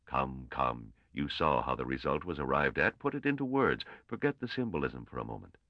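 A man voicing a shrewd, brisk old male mathematician who speaks in clipped, testing commands. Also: extremely low pitch, lively intonation, vocal fry, dry recording, highs cut off, exaggerated voice. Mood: demanding.

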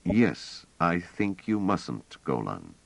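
A man voicing a fussy, gentle elderly male scholar who rambles and talks hesitantly. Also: deep voice, very animated, takes it slowly, creaky, no room sound, full character voice, poor audio. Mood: earnest. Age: older. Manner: hesitant, wordy, polite.

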